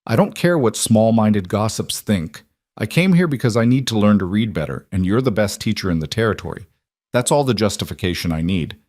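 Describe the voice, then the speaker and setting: A man voicing an earnest young cowboy who speaks plainly, gentle but firm. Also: fairly low pitch, expressive, brisk, no echo, studio quality.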